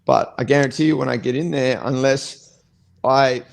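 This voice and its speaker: A man's voice: mid-range voice, steady tone, normal speed, vocal fry. A man, co-hosting a podcast as a fighter, talking bluntly and swearing in a rambling casual chat. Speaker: co-host, fighter.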